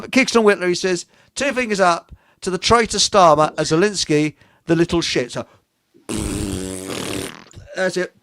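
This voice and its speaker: A man's voice: sits high, expressive, measured pace, pauses often, a bit bright, no echo. A man hosting a casual livestream, rambling, joking, swearing and reading out viewer comments. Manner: jokey, rambling, swears, laughs often. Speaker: livestream host.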